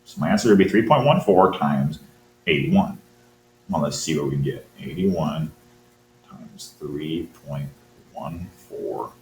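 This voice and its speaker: A man's voice: extremely low pitch, animated, slow. A man teaching math, thinking aloud as he works through a quiz problem and encouraging his students. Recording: roomy with faint hum.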